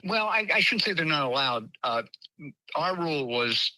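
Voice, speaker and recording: A man's voice: on the high side, big pitch swings, normal speed, bright, forceful tone, no room sound, poor audio. A middle-aged man telling stories as a podcast guest, chatty and anecdotal, often restarting sentences. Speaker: guest, former White House usher. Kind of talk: conversational storytelling.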